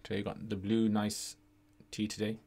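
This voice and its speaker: A man's voice: lowish voice, completely flat delivery, moderate pace, dark tone, breathy edge. A man hosting a casual livestream Q&A, chatty and often tagging his sentences with "yeah?". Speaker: livestream host answering questions.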